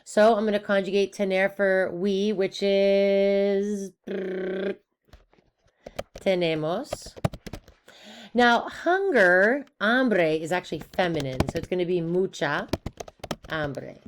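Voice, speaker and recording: A woman's voice: medium pitch, slow pace, long pauses, slight background noise. A woman teaching a recorded Spanish lesson in an upbeat, playful way, asking questions and answering them herself.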